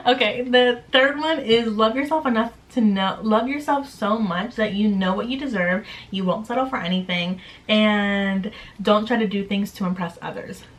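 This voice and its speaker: A woman's voice: medium pitch, moderate pace, rough recording. A young woman vlogging at home in a chatty, upbeat, candid way, full of "like" fillers. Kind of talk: casual chat to camera.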